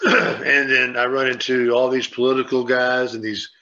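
A man's voice: mid-range voice, flat delivery, measured pace, sharp tone. A man on a sports radio show, rambling and repeating himself as he tells a story and acts out what people said. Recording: dull lo-fi sound.

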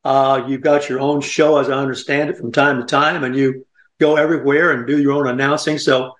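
A man's voice: medium pitch, level tone, brisk, reverberant. An older man hosting a radio talk show, chatting in a folksy, rambling way and laughing often. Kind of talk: casual radio chat.

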